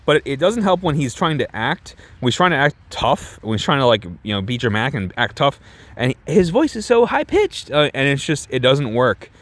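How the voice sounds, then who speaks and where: A man rambles through a movie recap in loose, casual chat, sarcastic and quick to swear. His voice sits at an ordinary middle pitch, and he keeps stumbling over restarts and fillers. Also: fairly bright tone, no echo. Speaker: movie reviewer.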